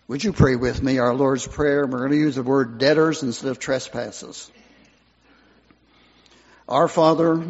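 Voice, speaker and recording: An older male pastor delivers a eulogy with earnest, rising and falling emphasis. His voice is a little husky and sits at an ordinary pitch. It rings through a church with a long reverb, and the recording is slightly muffled. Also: a little mellow. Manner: earnest, swelling and dropping for emphasis. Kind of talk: funeral sermon. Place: church sanctuary.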